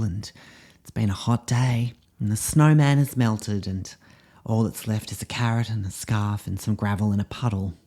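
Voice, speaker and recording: Mellow and medium in pitch, a man performs a character monologue on a comedy podcast. He plays a puffed-up drama teacher who rambles on, leaning heavily on fillers.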